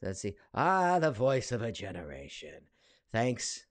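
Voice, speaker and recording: A man's voice: medium pitch, wildly swooping pitch, measured pace, dry recording. A man in his forties, a voice actor, chatting casually on a live stream from his home studio, reading viewer questions aloud with lots of fillers. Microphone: studio mic.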